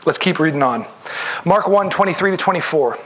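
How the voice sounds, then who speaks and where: Man, sermon, conversational preacher, slightly higher voice, quotes in acted voices. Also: lively intonation, brisk, fairly bright tone. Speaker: pastor.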